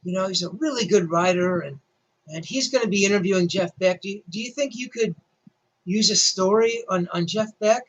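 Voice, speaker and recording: A man briefly voicing a friendly woman phoning an editor to pitch a writer, chatty and persuasive. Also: brisk, fairly bright tone, muffled recording. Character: friendly woman making a favor phone call.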